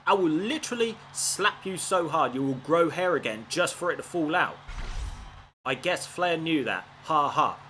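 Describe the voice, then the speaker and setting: A man giving animated, expletive-laden commentary on a video game playthrough. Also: a little high, normal speed, a little hiss or hum. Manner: animated, swears often, frustrated outbursts.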